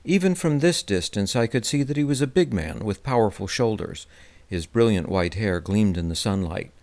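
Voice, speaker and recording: Low-voiced man narrating a memoir. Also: expressive, a little mellow. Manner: measured, descriptive. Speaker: audiobook narrator. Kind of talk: first-person memoir narration.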